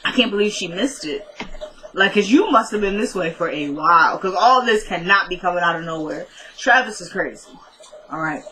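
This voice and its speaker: A woman's voice: on the low side, expressive, moderate pace, sharp tone, low-quality recording. A young woman recapping a TV episode in casual chat, talking straight to her viewers and laughing often. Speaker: TV recap vlogger.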